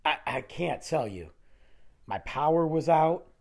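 A man hosting a solo podcast, talking in a rambling, animated way while losing his voice, which sounds nasal. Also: on the high side, unhurried, creaky. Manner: rambling, animated, restarting sentences. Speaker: podcast host. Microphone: close studio microphone.

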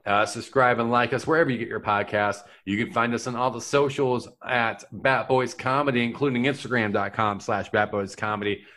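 A man's voice: mid-range voice, steady tone, brisk, hardly any pauses, fairly bright tone. A man hosting a comedy podcast, joking and plugging the show in casual banter. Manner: upbeat, promotional, joking. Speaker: podcast host.

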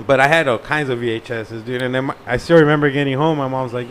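A young man telling a profane, animated story in casual slang. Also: medium pitch, fast, a little hiss or hum.

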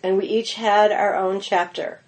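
A middle-aged woman, a pastry chef guest on a podcast, telling lively anecdotes full of "like" and "you know". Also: medium pitch, measured pace. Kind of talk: casual interview storytelling.

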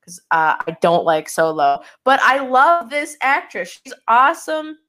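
A woman guest on a podcast panel, chatting casually and animatedly, with big pitch swoops when she quotes people. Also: sing-song, unhurried, a bit bright.

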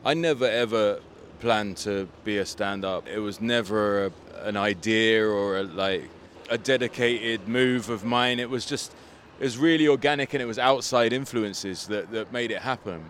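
Man, low register, laid-back guest telling stories outdoors, loose and chatty, faint street noise. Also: normal speed, hardly any pauses. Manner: relaxed storytelling, frequent "like" fillers. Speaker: guest, comedian and rapper. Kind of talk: casual interview chat.

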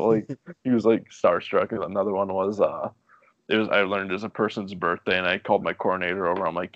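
Podcast guest, young man, deep voice, easygoing rambling storyteller, dry muffled recording. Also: a little fast, dry recording. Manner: relaxed, rambling, laughs often. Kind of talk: casual storytelling chat.

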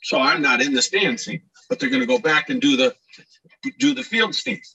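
Bright-voiced man telling animated stories. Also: mid-range voice, moderate pace, vocal fry, slightly rough, distant mic, dull audio. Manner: animated, acts out shouted quotes, many restarts. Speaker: guest, former ballplayer telling stories. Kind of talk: casual storytelling interview.

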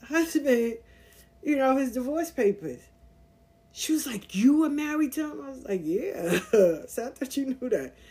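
A woman hosting a podcast, telling a personal story in a casual, animated way and acting out the voices of the people in it. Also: high-pitched. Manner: animated, acts out voices in her anecdotes. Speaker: podcast host.

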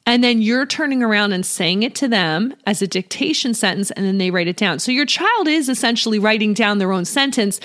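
A woman's voice: medium pitch, fairly bright tone. A woman in her thirties hosting a homeschool podcast, explaining teaching steps in a friendly, chatty way. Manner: friendly, explanatory, uses "you know" and "right?". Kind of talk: casual instructional talk.

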